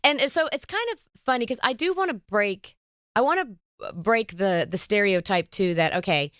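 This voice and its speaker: A woman hosts a casual podcast interview, upbeat and bubbly, quick to laugh and react. She is recorded close on a studio mic, with a dry sound and no room echo. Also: mid-range voice, animated, a bit bright. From United States. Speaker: podcast host. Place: studio set.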